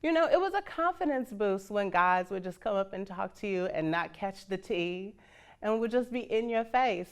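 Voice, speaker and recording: A woman's voice: medium pitch, smooth. A woman in her fifties from Northern California, frankly telling her life story and acting out the voices of the people she quotes. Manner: frank, salty, laughs as she talks. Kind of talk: personal storytelling.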